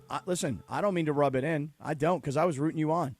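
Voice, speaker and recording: A man hosting a sports radio show, talking in casual, teasing banter and spinning animated stories. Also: on the high side, fast, music in the background. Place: radio studio.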